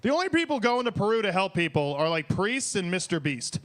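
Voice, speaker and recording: A young man from Detroit with a notably high voice works through a stand-up set on a small bar stage. He rambles, swears freely and gets worked up as he riffs. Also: fairly quick. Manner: profane, excitable, rambling. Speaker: open mic comedian.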